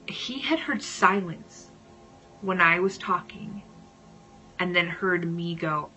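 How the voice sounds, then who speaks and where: A woman vlogger telling a personal story casually, dramatic and at times dropping into hushed whispers. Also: lowish voice, moderate pace, muffled recording, faint music behind.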